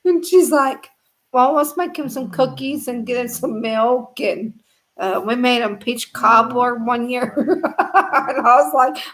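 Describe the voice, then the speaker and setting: A woman's voice: fairly high pitch, slow pace. A middle-aged woman telling a rambling family story in a live stream, laughing often as she goes. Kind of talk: casual storytelling.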